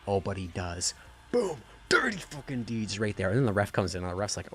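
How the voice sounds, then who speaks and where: Low-voiced profane excited man. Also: brisk, slight background noise. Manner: profane, rambling, gushing. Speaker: wrestling reviewer. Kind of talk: excited casual review.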